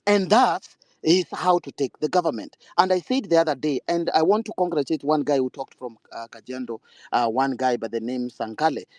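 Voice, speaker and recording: Man, insistent, higher voice, dry close sound. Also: fairly quick, darkish tone, no room sound. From Kenya. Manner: insistent, speech-like. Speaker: speaker.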